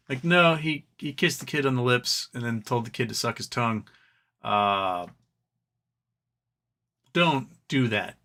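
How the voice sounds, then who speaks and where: Male stream host, bright tone, loose rambling delivery with lots of ums. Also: mid-range voice. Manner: rambling, reads viewer comments aloud, frequent ums. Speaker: livestream host. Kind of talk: casual live-stream chat.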